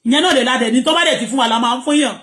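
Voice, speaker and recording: This Nigerian woman's rant to viewers comes very fast, her voice on the high side and a bit bright, with reverberation around it. Vlogging from home, she repeats herself emphatically and mixes Pidgin, English and Yoruba.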